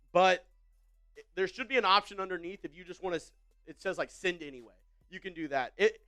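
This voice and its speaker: A man's voice: high-pitched, fairly bright tone, clean tone. A man hosting a live football watch party in upbeat, casual chat, reading out viewer comments with frequent fillers and repeated phrases.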